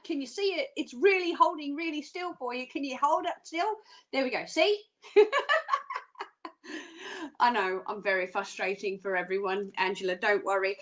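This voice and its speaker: A woman's voice: high voice, a bit bright. A chatty, playful woman hosting a live psychic reading and humming little tunes between thoughts. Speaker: psychic reader, host.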